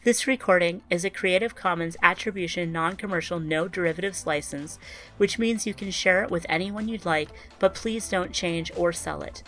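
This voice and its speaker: A woman narrating a short story for a podcast in a measured, even storytelling manner. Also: on the low side, faint music behind. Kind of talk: scripted narration.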